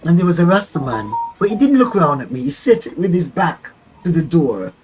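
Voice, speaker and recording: An older woman telling a personal story as an interview guest. She is an animated storyteller who acts out dialogue and laughs often. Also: fairly low pitch, brisk, faint music behind, low-quality recording.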